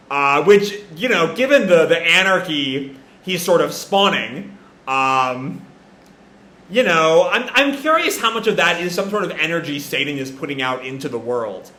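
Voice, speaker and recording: A man's voice: fairly high pitch, expressive, unhurried, pushed and bright. A man hosting a live manga reaction, thinking aloud with hedges and restarts. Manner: rambling, hedging, self-correcting. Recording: echoey room.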